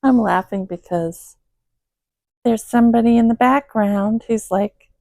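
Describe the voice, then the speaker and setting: A woman hosting a channel, chatting gently to her cats and then reading a psalm aloud. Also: medium pitch, measured pace, gravelly, no room sound. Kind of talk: casual chat then slow Bible reading. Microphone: phone camera, later set down.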